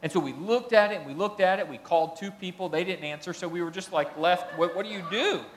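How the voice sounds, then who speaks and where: A man's voice: sits high, fast. A man preaching a sermon in a conversational way, building emphasis on his key points and reading passages aloud. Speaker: pastor.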